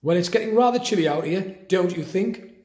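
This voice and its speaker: A man's voice: sits high, animated, a little fast, dark tone, voice pushed up. A man voicing a scheming female matron of a care home, sugary and sarcastic. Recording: roomy echo.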